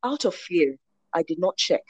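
Woman, 40s, from Nigeria. Lively testimony teller, slightly low voice, dry close sound. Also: moderate pace, breathy edge, dry recording. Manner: animated storyteller, acts out quoted voices. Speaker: guest sharing a testimony. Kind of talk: personal faith testimony.

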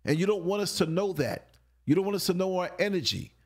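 A man's voice: high voice, fast talker. A man on a late-night talk show, telling stories animatedly, laughing often and acting out grunts and voices. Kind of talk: late-night casual storytelling.

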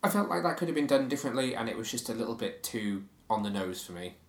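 A man's voice: medium pitch, big pitch swings, fast, roomy sound. A man co-hosting a casual chat about a TV show, opinionated and chatty. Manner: chatty, opinionated, reads quotes aloud. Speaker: podcast co-host.

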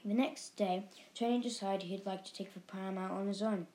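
A woman narrating a children's storybook with a lively, expressive delivery. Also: medium pitch, normal speed, low-quality recording. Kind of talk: storybook reading.

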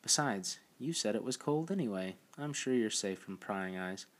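A male narrator voicing a sharp, teasing young woman traveler in an audiobook, with a dry delivery. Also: lowish voice, animated, normal speed, lightly acted.

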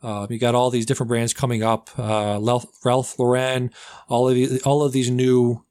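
A young man casually reviewing movies on a podcast, rambling and slipping into loud, comic put-on accents. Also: mid-range voice, flat delivery, moderate pace. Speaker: podcast host.

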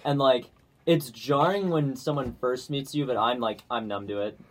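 A man's voice: medium pitch, normal speed. A young man, a housemate and guest, recalling things candidly in a casual chat in a radio studio. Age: young adult.

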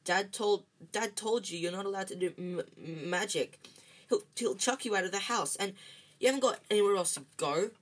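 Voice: mid-range voice, normal speed, fairly bright tone, close to an everyday voice. A reader voicing a spoiled, bullying boy in a read-aloud storybook, whiny and sneering, stammering when he panics. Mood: panicked.

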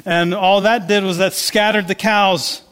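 A man's voice: sits high, fairly even intonation, unhurried, a bit bright, clear, resonant tone, in a large hall. A man giving a sermon, telling a story in a conversational way with many restarts. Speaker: pastor.

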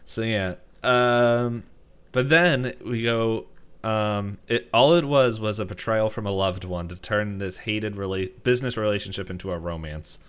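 A man's voice: lowish voice, unhurried, fairly bright tone, clean tone. A man co-hosting a podcast, chatting casually about a movie, laughing often and using lots of fillers. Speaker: podcast co-host reviewing a movie. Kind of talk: casual chat.

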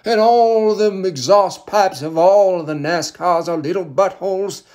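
A man's voice: sits high, measured pace, a little mellow, pitched above the performer's own voice. A man putting on a mocking impression of a preaching orator, in a swooping sing-song delivery. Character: shrill mocking parody of a male preaching orator.

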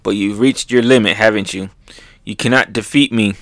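A man's voice: on the low side, steady tone, moderate pace, no room sound, natural voice. Man reading out a towering, smug pirate warlord, taunting, dry close sound. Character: huge arrogant male pirate warlord.

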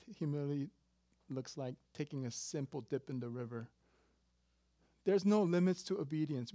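Pastor in his fifties, a bit high-voiced and lively, dry close sound, jokey sermon delivery. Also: normal speed, no room sound. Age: 50s. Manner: animated, jokey, swings between loud emphasis and quiet asides.

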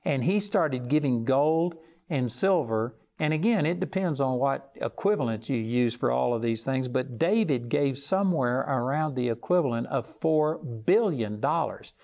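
A man's voice: animated, moderate pace, hardly any pauses, darkish tone. A man preaching a televised sermon, telling stories earnestly and rising for emphasis. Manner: earnest storytelling, rises in pitch for emphasis.

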